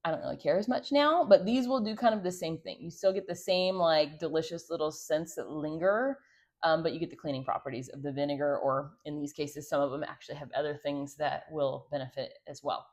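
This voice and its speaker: Chatty woman with a lowish voice. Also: brisk, a little mellow. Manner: rambling, chatty, many fillers and asides. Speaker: homestead vlogger. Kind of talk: casual how-to chat.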